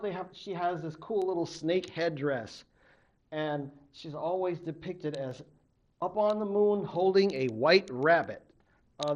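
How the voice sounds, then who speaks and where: A man from a Native American tribe, a college literature instructor telling a legend in an animated lecture, acting out the characters. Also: on the high side, lo-fi sound, a little hiss or hum. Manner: animated, acts out the characters' voices. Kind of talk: storytelling lecture.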